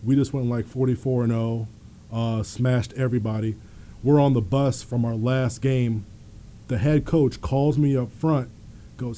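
A man's voice: medium pitch, measured pace, a little hiss or hum. A man in his thirties, a former college basketball player, telling stories in a studio chat, laughing often and acting out the people he quotes. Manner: animated storyteller, laughs often, acts out quoted voices. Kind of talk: casual storytelling.

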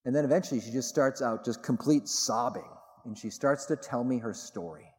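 A middle-aged man, a theologian, gives a public talk to a live audience, telling stories with animated delivery and emphatic repetition. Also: mid-range voice, brisk. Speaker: theologian and speaker. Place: large hall with audience. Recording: long reverb in a large hall.

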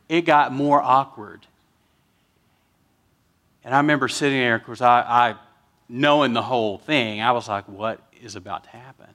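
A man's voice: mid-range voice, a bit bright. A man, a pastor telling an emotional story during a sermon and getting choked up at times.

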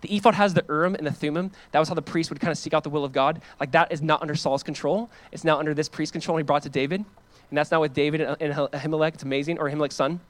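A man's voice: a little high, fairly even intonation, rapid-fire. A man preaching a sermon as pastor, earnest and emphatic, mixing scripture with casual asides.

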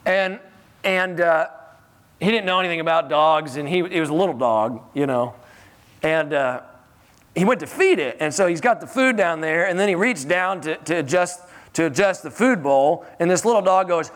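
Man, high-pitched voice, animated chatty sermon, chuckles, church. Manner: conversational and animated, with chuckles and repeated words. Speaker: preacher.

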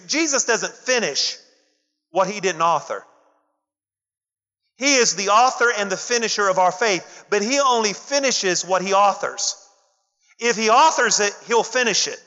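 A man's voice: high voice, sharp tone. A man preaching a sermon, calling on the congregation to answer him. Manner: preaching with call-and-response to the congregation. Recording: dull lo-fi audio with long hall reverb.

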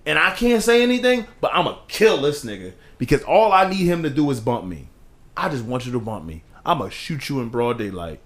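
A man co-hosting a casual podcast, talking with passion, rising in pitch to stress points and dropping low to quote others. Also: sing-song, brisk. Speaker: podcast co-host.

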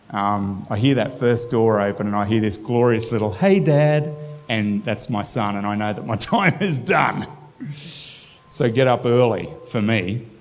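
A man's voice: medium pitch, darkish tone. A man preaching a sermon in an earnest, conversational way, restarting phrases and breaking into spoken prayer. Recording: long hall reverb.

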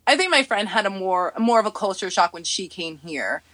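A young woman from New York telling stories in a casual podcast chat, animated and acting out the people she quotes. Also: medium pitch, brisk, no echo. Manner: animated storytelling, acting out others in quoted voices, laughing often. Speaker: podcast guest.

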